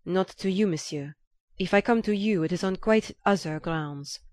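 A woman voicing an earnest, humble young Frenchman who speaks with quiet, pleading insistence. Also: fairly low pitch, normal speed, no echo, studio quality, lightly acted.

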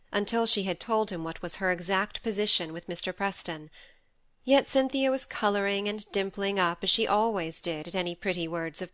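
A woman reading a classic novel aloud as an audiobook narrator, steady and measured. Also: mid-range voice, dry recording.

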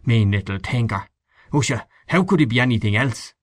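A scornful middle-aged canvasser, voiced by a man reading aloud, sneers and grumbles about his neighbours. The pitch sits higher than the reader's own and swings about animatedly. The sound is dry, with no room around it. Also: animated, moderate pace, dry recording, close to an everyday voice. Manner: sneering, indignant. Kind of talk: audiobook character voice.

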